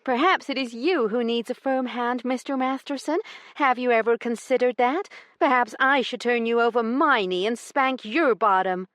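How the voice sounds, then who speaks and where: A fiery young noblewoman, voiced by a woman narrator, who fires back with sharp indignant retorts. Her voice sits higher and louder than the narration around it, with lively swings in pitch. The reading sounds close and dry, like an audiobook recorded in a booth. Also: a little slow, no echo. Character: fiery young noblewoman, defiant and quick-tempered.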